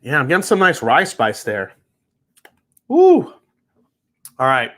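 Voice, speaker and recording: A man's voice: mid-range voice, wildly swooping pitch, takes it slowly, fairly bright tone. Laid-back man hosting a whiskey stream. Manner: laid-back, swears casually, laughs easily. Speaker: whiskey reviewer, livestream host. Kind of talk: casual live-stream chat.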